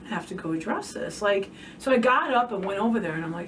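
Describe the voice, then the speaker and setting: A woman hosting a podcast, chatting casually, reacting with laughs and telling her own stories. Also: medium pitch. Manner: lively and laughing, quick to react. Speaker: podcast host. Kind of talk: casual interview chat. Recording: distant mic with faint room noise.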